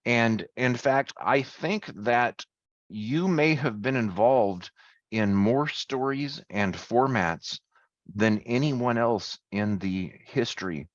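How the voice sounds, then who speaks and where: A man interviewing a guest in a casual chat, speaking haltingly with many fillers and friendly affirmations. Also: mid-range voice, no room sound. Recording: dry, slightly dull audio.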